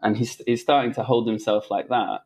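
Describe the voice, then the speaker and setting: A man's voice: lowish voice, steady tone, brisk, darkish tone. A middle-aged man, a guest on a talk show, telling a personal story in a loose, conversational way with many restarts and fillers. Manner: rambling, frequent restarts and fillers, laughs while telling stories. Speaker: interview guest.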